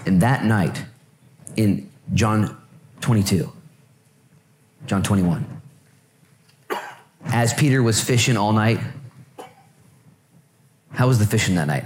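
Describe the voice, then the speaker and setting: Lively, joking male pastor preaching. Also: on the low side, takes it slowly, long pauses, a little hiss or hum. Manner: lively, joking, repeats phrases for emphasis. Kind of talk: sermon. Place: church service.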